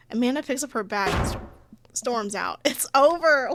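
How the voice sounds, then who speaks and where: A woman's voice: on the high side, expressive, normal speed, noisy background. A young woman playing a dating game, chatting casually, reading the story aloud and laughing often. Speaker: let's play gamer.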